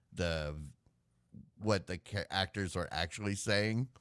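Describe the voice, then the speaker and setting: A man's voice: lowish voice, a bit bright, no room sound, studio quality. A man co-hosting a live web show, chatting casually and rambling with sighs and filler words. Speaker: podcast co-host. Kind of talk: casual chat.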